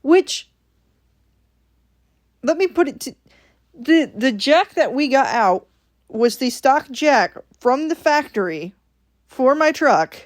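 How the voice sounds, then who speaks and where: A woman's voice: sits high, slow, pauses often. Chatty woman telling a story. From Ohio. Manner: animated, quotes people in her stories. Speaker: vlogger. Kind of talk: casual storytelling.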